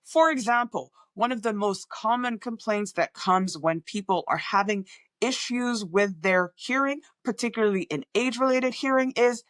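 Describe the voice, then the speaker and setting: A woman's voice: on the high side, moderate pace, a bit bright, no room sound. A woman audiologist with an international accent that is often taken for American, talking straight to camera and acting out patients' remarks in voices. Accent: international, often mistaken for American. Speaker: audiologist and communication coach. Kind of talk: direct-to-camera talk.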